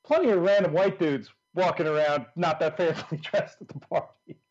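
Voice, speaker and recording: A man hosts a podcast in a relaxed, easygoing way, nudging his guest to tell a story. His voice is a little higher than most men's, and the sound is somewhat muffled. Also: a little fast. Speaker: podcast host. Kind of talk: casual podcast chat.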